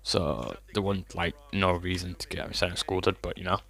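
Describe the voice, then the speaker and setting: A man's voice: low voice, normal speed, gravelly, a bit bright. A man, telling a rambling, sweary storytime to his vlog audience while fighting a cough. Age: 20s. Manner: rambling, swears often, lots of fillers. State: has a cough. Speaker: vlogger.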